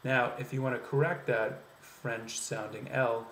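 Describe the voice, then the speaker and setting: A man teaching pronunciation as an accent coach, explaining step by step with many "um" pauses and spoken demonstrations. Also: medium pitch, steady tone, fairly bright tone, slight background noise. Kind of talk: instructional video lesson. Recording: echoey room, faint ambience.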